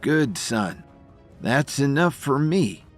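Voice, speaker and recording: A man's voice: mid-range voice, big pitch swings, brisk, soft background music, voice pushed up. A man doing a beaten, faint old father. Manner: pained, faint, breathy pleading. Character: older father, beaten and weak, loyal.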